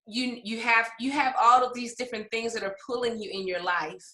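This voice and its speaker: A woman's voice: fairly high pitch, fairly even intonation, fairly quick, pushed and bright, echoey room, rough recording. A woman author and English professor telling her publishing story in an interview, emotional and laughing often, with frequent fillers. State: tearful at times.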